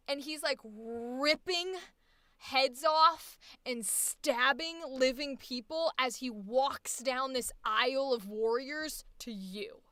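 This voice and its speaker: A woman's voice: high-pitched, sharp tone, no room sound. A woman voice acting instructor giving effusive, chatty commentary on a livestream showcase. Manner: effusive, gushing, chatty with y'all.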